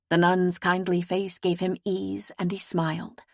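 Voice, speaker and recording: A woman narrating an audiobook in a measured, steady storytelling manner. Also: lowish voice, creaky, no echo, clean studio sound.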